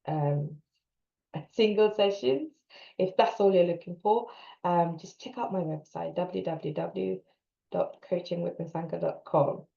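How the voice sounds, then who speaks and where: A woman with a lowish voice leads a guided EFT tapping session, giving calm, steady instructions and repeating short phrases for the listener to say. The sound is roomy and a little dull, like a lo-fi recording in an echoey space. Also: creaky. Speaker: co-parenting coach.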